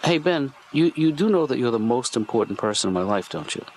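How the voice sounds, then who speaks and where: An actor voicing a weary middle-aged therapist and father who talks in a soft, halting, deadpan way. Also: medium pitch, a little hiss or hum.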